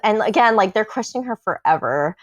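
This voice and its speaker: Animated woman telling a wild story. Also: medium pitch, a little fast, dry recording, highs cut off. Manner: animated, swearing, acts out quotes. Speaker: podcast guest telling her story. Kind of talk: casual storytelling.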